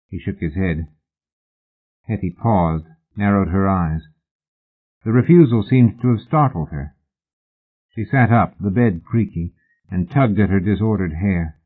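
A man narrating an audiobook in a measured, literary manner. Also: low voice. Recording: husky voice on a tinny phone-like line.

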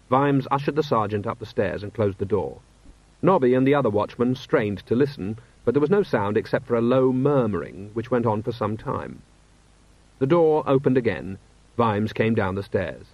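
A man reading a novel aloud in expressive, wry narration. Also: mid-range voice, moderate pace, no room sound. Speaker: audiobook narrator. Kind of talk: scripted narration. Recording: dull, slightly lo-fi, dry.

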